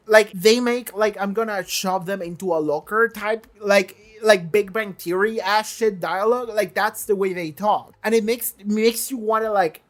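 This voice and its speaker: A reaction-channel host talking casually in a question-and-answer vlog, animated and emphatic, with lots of filler words and casual swearing. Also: medium pitch. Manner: acts out quoted lines in shifted voices.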